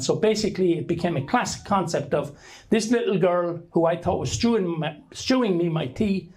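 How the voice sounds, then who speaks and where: A man's voice: fairly high pitch, normal speed, darkish tone, poor audio. An Irish man telling a rambling story to a live audience, with frequent restarts and fillers. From Ireland. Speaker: speaker giving a talk to an audience.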